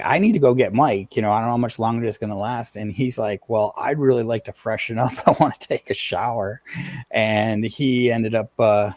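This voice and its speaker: A man's voice: lowish voice, darkish tone, dry recording. A middle-aged man, a paranormal investigator, telling a personal story in an interview in an earnest, plain-spoken way, acting out the dialogue.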